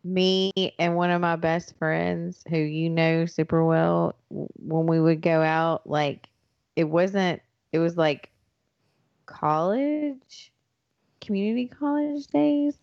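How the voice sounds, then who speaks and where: Woman, thick Southern accent, podcast co-host, joking asides, lowish voice, dull lo-fi audio. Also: slow, gravelly, a little mellow. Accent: Southern American. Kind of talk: casual chat.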